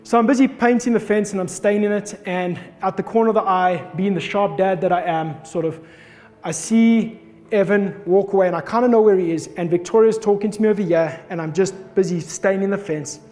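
A man in his thirties preaching a sermon, telling a personal story with animated delivery and acting out his own shouts. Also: sits high, brisk. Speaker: pastor. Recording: long reverb of a hall, faint music behind.

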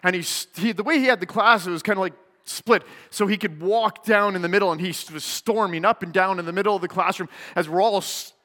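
A pastor tells a story from the pulpit in a high, bright voice and acts out its people as he goes. Long reverb from the church hall hangs on every word. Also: quick pace, few pauses. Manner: animated, acts out the people in his stories. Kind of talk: sermon with storytelling.

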